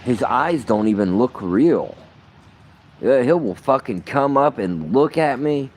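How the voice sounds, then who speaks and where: A man's voice: medium pitch, lively intonation, a little slow, a little mellow. A man rambling in a vlog monologue, profane, muttering at times and then bursting out. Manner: profane, rambling, swings between muttering and outbursts. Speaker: vlogger.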